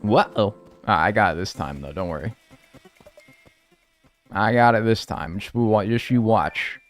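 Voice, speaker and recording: A man from North America giving casual live commentary while playing a game, rambling and joking, with sudden loud yelps. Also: fairly low pitch, unhurried, faint music behind. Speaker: streamer playing a life-sim game.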